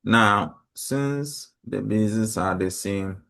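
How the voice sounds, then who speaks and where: A man's voice: on the low side, drawn-out words, creaky, fairly bright tone. A man teaching a mathematics lesson to a class, explaining step by step and quizzing the students.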